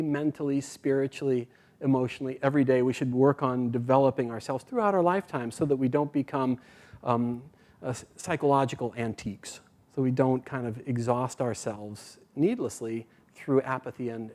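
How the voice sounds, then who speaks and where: A man giving a sermon, telling a spiritual parable in a gentle storytelling manner, his phrase endings trailing off softly. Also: medium pitch. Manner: voices the characters in dialogue. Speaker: speaker at a spiritual community.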